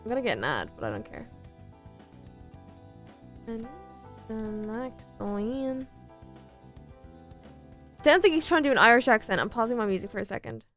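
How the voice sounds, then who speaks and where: A woman's voice: on the high side, huge pitch swings, fast, long pauses, a bit bright, faint music behind. Bubbly young woman streamer. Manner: bubbly, chatty, playful. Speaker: streamer and artist. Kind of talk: casual stream chat.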